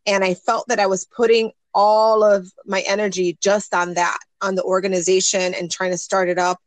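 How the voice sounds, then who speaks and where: A woman's voice: medium pitch, little pitch movement, moderate pace, no room sound. Earnest woman telling her story. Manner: earnest, storytelling, acts out quoted voices. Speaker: guest. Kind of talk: casual interview conversation.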